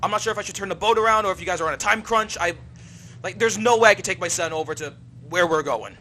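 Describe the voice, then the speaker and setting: A man's voice: high voice, fast, bright, forceful tone, slight background noise. A man voicing a flustered boat captain scolding his son and apologizing. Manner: exasperated, scolding. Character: flustered grown male boat captain, a father.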